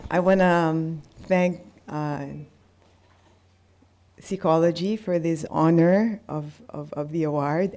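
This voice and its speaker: Low-voiced woman giving a halting speech. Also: a little mellow. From Philippines. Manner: halting, with restarts and fillers, laughing through emotion. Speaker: award recipient giving acceptance speech. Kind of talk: emotional acceptance speech.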